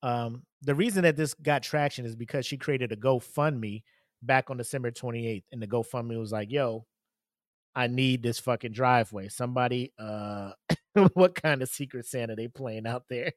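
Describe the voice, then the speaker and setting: Man, solo podcast host, loose and profane, middle pitch, dry close sound. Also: moderate pace, no echo. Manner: profane, laughs often, rambling with fillers. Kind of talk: casual solo podcast commentary.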